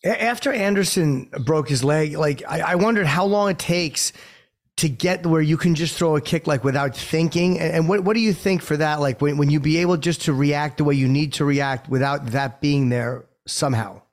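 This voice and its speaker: A man co-hosts a casual podcast, trading jokes and defending himself in quick banter. His voice sits a little high. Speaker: co-host.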